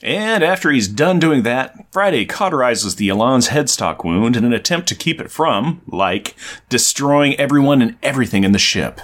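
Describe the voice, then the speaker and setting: A man's voice: medium pitch, expressive, normal speed, fairly bright tone. A man co-hosting a casual podcast, recapping a comic book in a wry, storytelling way. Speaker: podcast co-host.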